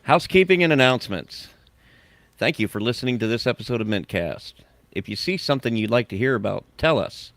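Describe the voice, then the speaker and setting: A man's voice: on the low side, quick pace, no echo. A man hosting a podcast, chatting and joking, then reading tech news items aloud. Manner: joking, self-mocking, reads items aloud. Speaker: podcast host.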